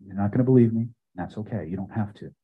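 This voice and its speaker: Older man, seminar trainer, emphatic delivery, husky tone, dull lo-fi sound. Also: on the low side, fast. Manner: emphatic, builds repeated phrases to loud peaks then drops quiet. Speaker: hypnosis and self-help trainer. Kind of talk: live seminar teaching. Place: seminar room with audience.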